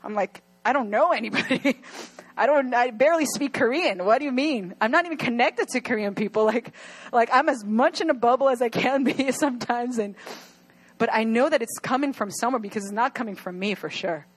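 With a husky, fairly high voice and a fairly quick pace, a young woman pastor delivers an earnest sermon to her congregation. Her pleading grows emotional, and now and then she cries.

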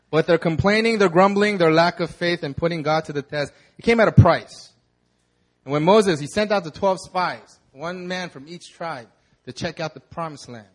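Lively young man preaching a casual sermon. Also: a little high, normal speed. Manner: casual storytelling, acts out the crowd in dramatic voices. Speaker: pastor. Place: church hall.

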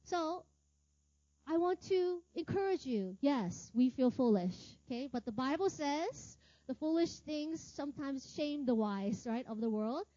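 High, mellow-voiced woman preaching casually. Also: lively intonation, unhurried, no room sound, lo-fi sound. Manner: chatty, laughs often, lots of filler words and tag questions. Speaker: ministry teacher. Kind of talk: casual sermon storytelling.

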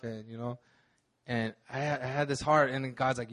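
A man's voice: medium pitch, fairly even intonation, brisk, fairly bright tone. A man in his thirties, a pastor, telling his own story in a sermon in a casual, slangy way with many restarts. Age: 30s. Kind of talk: sermon testimony.

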